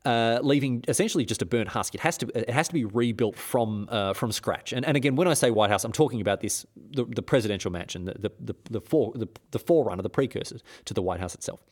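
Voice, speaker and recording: A man's voice: mid-range voice, fast talker, few pauses. A man hosting a history podcast, telling the story in a jokey, sarcastic way with many restarts.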